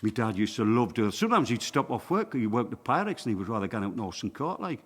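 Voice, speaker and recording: A man's voice: mid-range voice, big pitch swings, fast talker, breathy edge, big-room sound. A man in his sixties with a Sunderland accent, a folk singer chatting in jokey broad dialect between songs at a small livestreamed venue. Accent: Sunderland (Mackem). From Sunderland, England. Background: acoustic guitar.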